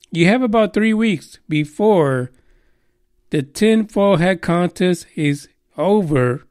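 A man's voice: high-pitched, dry recording, studio quality. A man hosting a podcast in a casual monologue, profane and sarcastic, rambling with many fillers. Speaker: podcast host.

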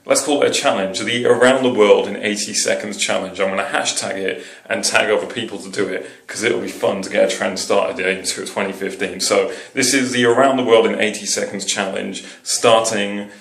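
A man's voice: lowish voice, fairly even intonation, moderate pace, hardly any pauses, fairly bright tone. Cheeky rambling young Englishman. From England. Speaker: vlogger. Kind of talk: casual joking vlog. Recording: echoey room.

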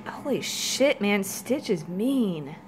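A woman's voice: medium pitch, animated, slow pace. A woman chatting casually to her cats at home, laughing, teasing and swearing as she films them. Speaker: cat owner filming her pets. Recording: noisy home video.

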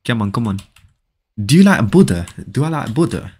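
Lively young man streaming games. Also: mid-range voice, normal speed, breathy edge. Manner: joking banter, teasing viewers, frequent laughs. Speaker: game streamer. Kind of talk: live gameplay stream, reading chat aloud.

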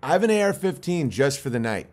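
A man's voice: fairly high pitch, very animated, quick pace, a little mellow. A man hosting a casual livestream from outdoors on his farm at night, rambling, swearing and laughing as he jokes in a mock-spooked way. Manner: profane, joking, mock-spooked, laughs often. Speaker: livestream host.

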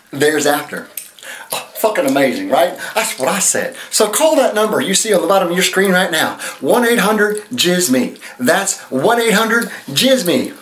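A man playing a flamboyant male infomercial pitchman with over-the-top sales patter, recorded in an echoey room. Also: sing-song, a little slow, long pauses, a bit bright, slight background noise, exaggerated voice. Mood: hyped.

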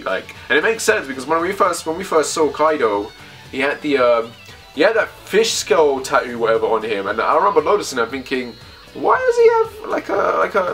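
A man casually reacting to a comic chapter, thinking aloud in a rambling, excitable way as he reads it. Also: medium pitch. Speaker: manga reaction host.

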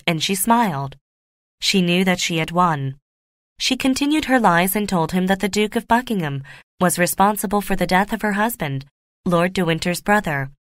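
A woman narrating a graded reader audiobook in a clear, steady, measured way. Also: mid-range voice, no echo, clean studio sound.

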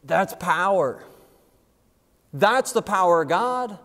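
A pastor preaches in a fairly high voice, emphatic and folksy. His delivery climbs and drops as he drives each point home. A long church reverb hangs after his words. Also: animated, slow, a bit bright. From United States. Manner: emphatic preaching that rises and falls, with folksy asides. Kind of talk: sermon. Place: church sanctuary.

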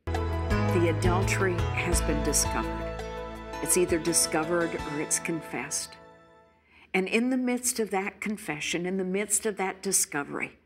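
Slow, husky older woman teaching the Bible. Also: fairly low pitch, soft background music. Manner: earnest, pleading, acts out hurt spouse's words.

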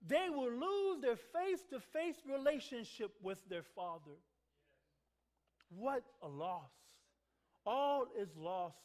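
High, lively-voiced preaching pastor. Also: male voice, slow pace. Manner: call-and-response with the congregation, repeats words for emphasis. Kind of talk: sermon. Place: church sanctuary.

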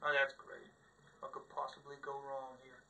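A man's voice: medium pitch, moderate pace, gravelly, sharp tone, dull audio. A man commenting on his own gameplay in a casual way, swearing a lot and exclaiming in frustration. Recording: mic a bit far off, faint noise.

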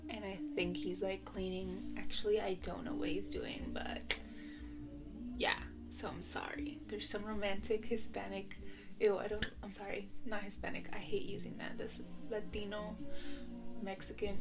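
A young woman chatting casually to camera in her bedroom, rambling and giggling between asides. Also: medium pitch. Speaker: vlogger. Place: bedroom at home. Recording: music playing in the background.

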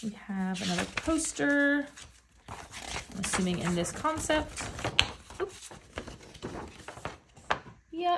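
A woman chats her way through an album unboxing, gushing over each find and gasping often. Her pitch leaps up and down a lot. A faint hiss sits under her voice. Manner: gushing, with frequent excited gasps. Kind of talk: casual unboxing chat.

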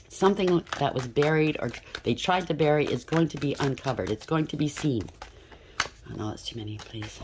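A woman's voice: deep voice, darkish tone, slight background noise. A woman giving a casual tarot reading at home, emphatic and stream-of-thought, often checking in with "okay?". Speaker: tarot reader. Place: home room with incense burner.

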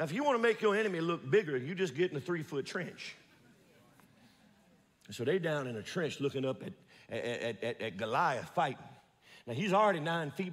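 A male pastor preaching a sermon, telling the story with animated delivery and calling out to the congregation. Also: a little high, breathy edge, big-room sound. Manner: builds to shouting at peaks.

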